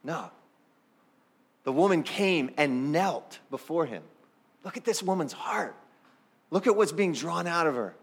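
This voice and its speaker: A man's voice: fairly high pitch, lively intonation, normal speed, husky. A man preaching a sermon as pastor, talking straight to the congregation in a conversational way. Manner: acts out the people in the story.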